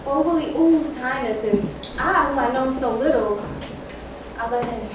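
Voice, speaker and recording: Heard distantly in an echoey hall over a noisy background, a high-pitched woman delivers a theater monologue at a measured pace. She plays a young mother telling the harrowing story of her children's father, building to shouts at the dramatic peaks.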